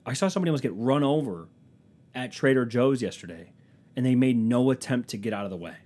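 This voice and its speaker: A man's voice: mid-range voice, animated, fast talker, a little mellow. A man telling comic stories as a podcast host in a profane, sarcastic, self-mocking casual rant. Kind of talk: casual comedic storytelling rant.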